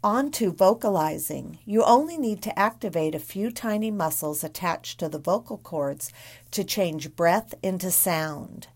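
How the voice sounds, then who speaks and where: A woman reading an instructional book about breath and voice for dancers in a calm, measured way. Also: on the low side. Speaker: narrator of a dance guidebook.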